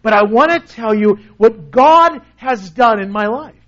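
A man with a high voice preaches a sermon in a casual, conversational way. He often sinks to a soft, hushed tone to stress a point. The recording sounds a little muffled. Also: expressive, a little slow. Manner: conversational preaching, dropping to a soft low voice for emphasis. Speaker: pastor.

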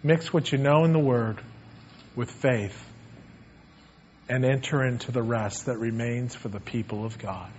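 A man preaching a sermon in a church sanctuary and leading a prayer, earnest, swinging between emphatic lines and hushed ones. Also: mid-range voice, a little slow, pauses often, dull audio, a little hiss or hum.

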